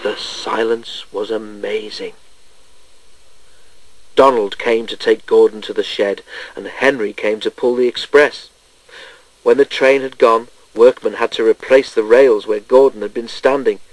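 A man reading a children's train storybook aloud in an expressive way. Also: lowish voice, measured pace, no echo, poor audio.

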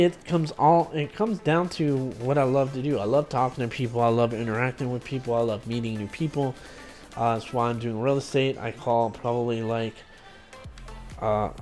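A man's voice: medium pitch, darkish tone. Rambling man vlogging, faint music behind. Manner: rambling, loose, with many fillers and restarts. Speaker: gaming YouTuber and streamer. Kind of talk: casual vlog talk to camera.

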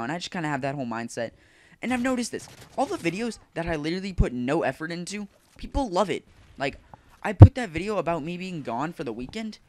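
A man's voice: on the high side, expressive, quick pace, darkish tone, slight background noise. A man doing casual gaming commentary, rambling and swearing as he vents his frustration. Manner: rambling, profane, frustrated ranting. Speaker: gaming YouTuber. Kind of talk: casual commentary over gameplay.

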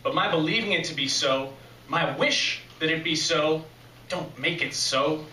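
A man's voice: on the high side, unhurried, sharp tone, a little hiss or hum. A man performing an essay on stage, telling a story in a folksy, preacher-like way to a live audience. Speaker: reader at a live essay competition. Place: live reading venue with audience. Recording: echoey live club from a distance.

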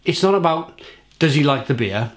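A man's voice: fairly high pitch, lively intonation, normal speed. Sweary British man ranting. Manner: sweary, rambling, repeats himself. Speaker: beer reviewer and pub manager. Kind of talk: angry rant to camera.

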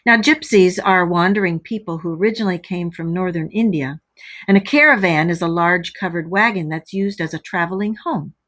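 A woman's voice: on the low side, a little fast, fairly bright tone. A woman teacher reading a story aloud to children, stopping to explain words.

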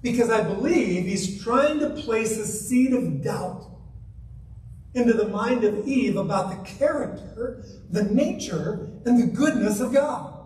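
In a church sanctuary, a man preaches as guest minister, emphatic and full of rhetorical questions for the congregation. His high voice has lively intonation and a darkish tone, and he's unhurried. The echoey hall is recorded from far off, with a little hiss or hum.

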